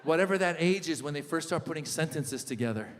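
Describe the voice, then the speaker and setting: A middle-aged man performing a stand-up comedy set, telling animated stories and shouting in character voices. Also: on the high side, fast. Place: large live venue. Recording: live hall with long reverb.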